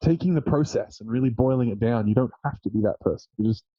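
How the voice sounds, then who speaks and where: A man interviewing a guest in a casual podcast chat. He is relaxed and keeps agreeing and reflecting points back. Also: medium pitch, fast, no room sound. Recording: dull, dry lo-fi sound.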